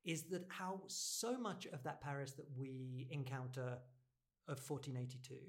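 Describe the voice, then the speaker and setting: A speaker with a mid-range voice talks in a calm, reflective way. The delivery is measured and conversational, building thoughts step by step. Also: medium pitch. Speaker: bookshop podcast co-host. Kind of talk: casual conversational discussion.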